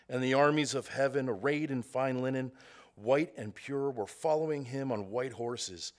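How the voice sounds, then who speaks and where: Man solemnly reading scripture aloud. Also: medium pitch. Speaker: scripture reader.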